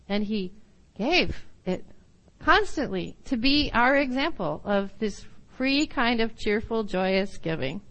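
Unhurried woman preaching a sermon, fairly high. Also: lively intonation, poor audio. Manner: warm teaching with laughs and quick asides; reads scripture aloud, then explains. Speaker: Bible teacher.

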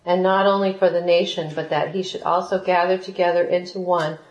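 A woman reading scripture aloud and explaining it in an animated way, laughing often as she teaches. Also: fairly low pitch, brisk, lo-fi sound. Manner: animated, laughs often, acts out quoted voices. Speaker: Bible study teacher. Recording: roomy echo.

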